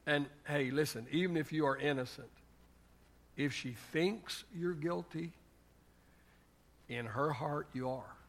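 A man's voice: on the high side, takes it slowly, long pauses. An older man preaching a sermon on marriage as pastor, telling folksy family stories and building to emphatic exhortation.

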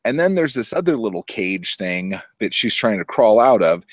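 A man's voice: on the low side, moderate pace, dry recording. Profane, chatty man recapping a movie. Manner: profane, animated storytelling with acted-out quotes. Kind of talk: casual movie recap chat.

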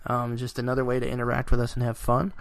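Brief: gravelly male podcast host, dry close sound, easygoing chat with fillers. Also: medium pitch, quick pace, no room sound. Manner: relaxed, laughs often, filler words.

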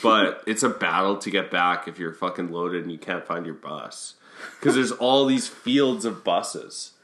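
A man's voice: deep voice, measured pace, pushed and bright. Swearing man in an echoey room. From Canada. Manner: rowdy storyteller, heavy swearing. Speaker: podcast co-host. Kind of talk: casual chat.

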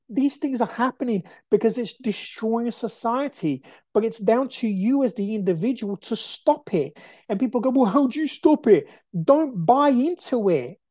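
A woman's voice: fairly high pitch, warm tone, no echo. Blunt, profane woman ranting. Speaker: podcast host. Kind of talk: motivational podcast monologue.

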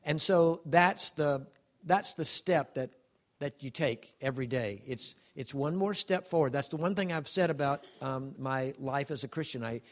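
Older man in his 70s, halting, emotional testimony with a wry humor; mid-pitched. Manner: halting, emotional, many restarts. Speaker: speaker sharing a personal testimony. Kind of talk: heartfelt personal testimony.

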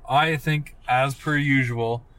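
A man co-hosting a casual wrestling podcast, throwing in quick jokes and quips. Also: mid-range voice, fairly even intonation, fairly bright tone, no echo. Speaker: podcast co-host.

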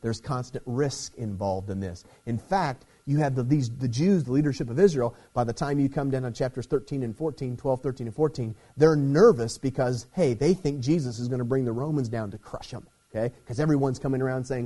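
A man delivers a sermon in a relaxed, conversational style and often checks in with a quick "okay?". His voice sits at an ordinary middle pitch and has a warm, mellow tone. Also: breathy edge. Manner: conversational preaching with frequent "okay?" check-ins. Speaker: pastor.

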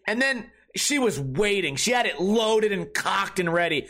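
High-voiced man ranting a comic bar story. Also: expressive, fairly bright tone. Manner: profane, ranting, quick bursts. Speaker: podcast host. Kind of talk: comedic storytelling rant.

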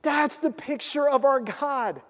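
A male pastor preaching a sermon, telling stories with lively acted-out quotes. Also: extremely high pitch, a little slow. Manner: animated storytelling, acts out quoted voices. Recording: long hall reverb.

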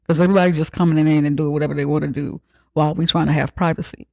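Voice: mid-range voice, steady tone, rapid-fire, gravelly, no echo. A podcast host giving a casual, slangy, profane movie recap with joking asides.

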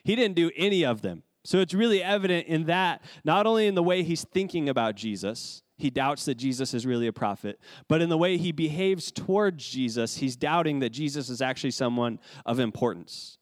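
A man's voice: on the high side, animated, fairly quick, hardly any pauses, dry recording. A man preaching a sermon as pastor, in a conversational way with casual asides.

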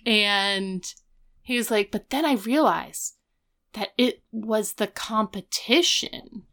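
A woman's voice: mid-range voice, slow, fairly bright tone. A woman co-hosting a casual recap chat, retelling scenes and quoting the characters as she goes. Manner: retells scenes with quoted voices. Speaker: podcast co-host.

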